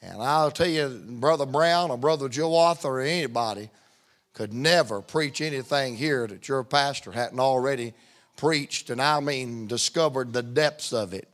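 A man's voice: mid-range voice, normal speed, a bit bright. A middle-aged man, a visiting preacher telling folksy jokes before his sermon. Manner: folksy joking storyteller. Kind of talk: humorous sermon opening.

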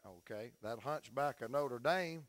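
This middle-aged man, a visiting preacher, warms up the congregation with folksy jokes in a humorous sermon opening. He speaks a little slowly in a mid-range voice, spinning yarns like a joking storyteller.

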